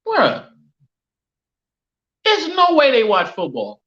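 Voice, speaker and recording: A man's voice: sits high, very animated, normal speed, bright, forceful tone. Exasperated male streamer ranting. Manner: exasperated, repetitive, incredulous. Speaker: sports streamer. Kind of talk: live-stream reaction rant. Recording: roomy, dull lo-fi stream audio.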